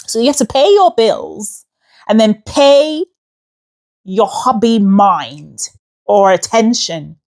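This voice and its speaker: A woman from New York City talks in a casual, chatty voice note. Her American accent carries a slight British tinge. She tells her stories in a sassy, joking, animated way, like a friend confiding. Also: medium pitch, takes it slowly. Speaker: host.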